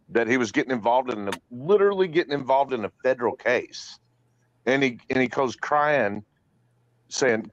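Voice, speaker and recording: A man's voice: medium pitch, no echo, highs cut off. A man joining a casual live-stream chat, blunt and scornful.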